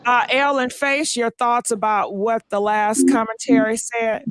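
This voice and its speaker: A woman hosting an online call-in talk show, briskly moving callers along and taking their thoughts. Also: fairly high pitch, fairly even intonation, smooth. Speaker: host.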